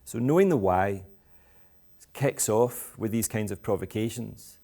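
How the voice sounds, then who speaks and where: A man's voice: lowish voice, measured pace, dark tone. A Scottish man giving a talk to school parents in a playful, provocative, self-mocking way. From Scotland. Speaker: education speaker. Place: school event with live audience.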